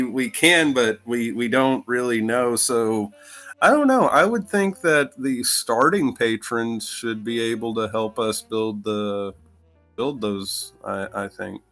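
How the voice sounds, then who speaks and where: A man's voice: medium pitch, fairly bright tone. A man co-hosting a casual chat, joking and hesitant, full of fillers. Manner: jokey, hesitant, many fillers. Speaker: co-host.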